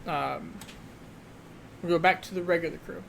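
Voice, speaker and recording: A man running a tabletop game as game master, narrating in a relaxed way with many fillers. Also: on the high side, normal speed, creaky, a little hiss or hum.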